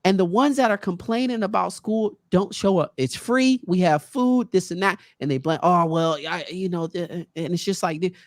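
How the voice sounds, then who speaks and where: A man who works as a speaker tells stories in a casual, animated way, often acting out other people in a raised voice. His voice sits fairly high for a man. He is on a close mic in a dry room. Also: normal speed, hardly any pauses, dry recording. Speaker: guest speaker. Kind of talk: casual storytelling. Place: podcast studio.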